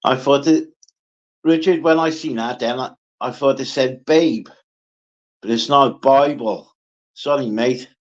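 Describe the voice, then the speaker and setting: A man talks to his viewers on a casual livestream at an unhurried, drawn-out pace, swearing freely as he answers them one by one. The sound is dull and lo-fi, as if caught on a phone. His pitch sits at an ordinary middle height. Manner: slow, sweary, chatty, answering comments by name. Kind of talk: casual live chat.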